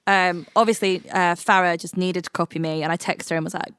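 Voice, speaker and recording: A woman's voice: on the low side, steady tone, brisk, a bit bright, clear, resonant tone, no room sound, clean studio sound. A young woman from England co-hosting a podcast, bubbly and playful, laughing often and breaking into sing-song bits. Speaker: podcast co-host. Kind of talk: giddy casual chat.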